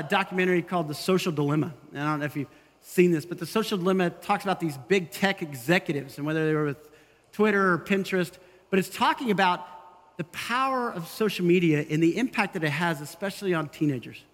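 A man delivers a sermon, his voice sitting high. He talks in an animated way and slips into the voices of the people he quotes. A long reverb from the hall trails each phrase. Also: fairly quick. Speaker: pastor.

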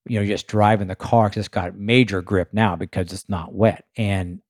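A man with a lowish voice tells a racing story in a loose, chatty way, full of fillers and vivid sound effects. The recording is dry and close, with no room around him. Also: moderate pace, dry recording. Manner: animated anecdote-telling with frequent fillers. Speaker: race car driver guest. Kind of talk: casual storytelling.

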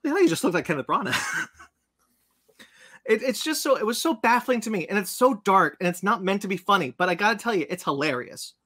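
A man on a podcast telling a long, animated story about a movie he saw and acting out its scenes. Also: high voice, brisk. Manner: animated storyteller, acts out scenes in silly voices. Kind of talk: casual chat, movie rant.

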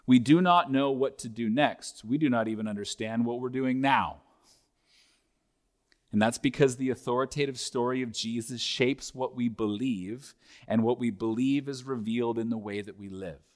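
A man's voice: medium pitch, normal speed. Man preaching an earnest sermon. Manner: earnest preaching, building intensity through repeated phrases. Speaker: pastor.

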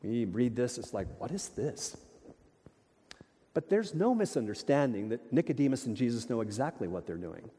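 A man preaching a sermon in a church, emphatic and animated, with rhetorical questions to the congregation. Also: mid-range voice, moderate pace, husky. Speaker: pastor. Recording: long reverb of a large hall.

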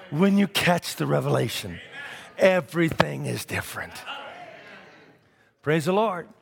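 High, gravelly preacher man in an echoing hall. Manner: swings from shouted declarations to low, wry asides, with call-and-response. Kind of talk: sermon.

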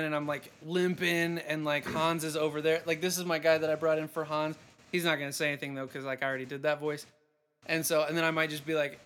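A man hosting a comedy podcast game show, chatting in a playful, rambling way with quick laughs. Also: a little high, a bit bright. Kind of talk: casual comedy podcast chat.

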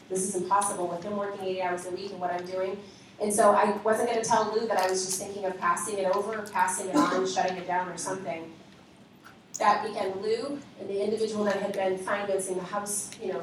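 A woman leader giving a lively spoken testimony to a congregation, acting out the conversations she recounts. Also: mid-range voice, slight background noise. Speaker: ministry leader. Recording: echoey hall from far off.

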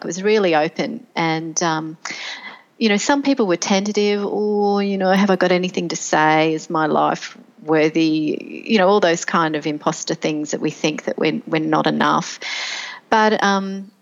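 A middle-aged woman appears as a podcast guest, reflectively telling her story in a conversational interview full of fillers and restarts. Her voice is lowish, and the recording's highs are cut off.

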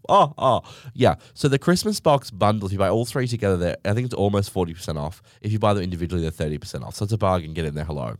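A man with a very low voice talks through a casual monologue. He tells his stories with a theatrical, sweary flair. The sound is dry and close, with no room around it. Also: lively intonation, fast talker, few pauses, no echo.

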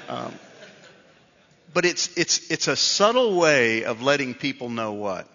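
A man's voice: medium pitch, sing-song, measured pace, sharp tone. A middle-aged man preaching a sermon in a conversational, self-deprecating storytelling way. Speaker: pastor. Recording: dull reverberant hall sound.

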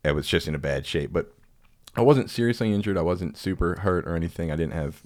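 A man telling a long personal story in casual podcast chat, animated and laughing often, slipping into quick impressions of the people in it. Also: low-pitched.

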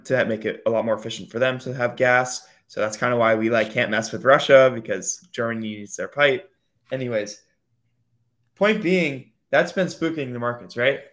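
A man's voice: mid-range voice, a bit bright. A man co-hosting a podcast in casual chat, rambling with many fillers and putting on mocking voices when he quotes others. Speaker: podcast co-host.

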